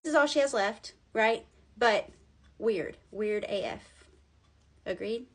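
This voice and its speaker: A woman's voice: fairly high pitch, takes it slowly. A young woman telling a ghost story in a casual, sarcastic and profane way, acting out what the people in it say. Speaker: paranormal storyteller.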